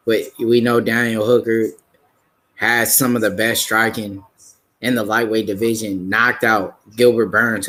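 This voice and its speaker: A man's voice: on the low side, fairly bright tone. A man previewing an upcoming fight on a live stream, talking casually and hesitantly with many fillers and restarts. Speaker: fight commentator.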